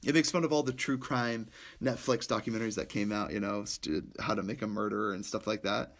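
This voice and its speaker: A young man co-hosting a podcast, chatting casually and excitedly about movies, rambling and laughing often. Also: lowish voice, brisk. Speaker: podcast co-host.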